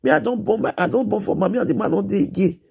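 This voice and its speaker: A Nigerian woman in her thirties talks to her live stream viewers in a casual, earnest way, coming back again and again to the same plea. Her voice is husky and mellow, with a gravelly edge that comes and goes. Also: medium pitch, racing. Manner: repetitive, pleading, earnest. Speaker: live streamer giving advice.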